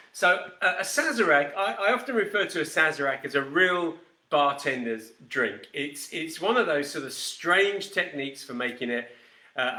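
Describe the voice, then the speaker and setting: A man's voice: a little high, pushed and bright, reverberant. A man hosting a live whisky show, chatting casually with viewers by name and rambling as he demonstrates a cocktail. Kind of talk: casual live-stream chat and cocktail demo.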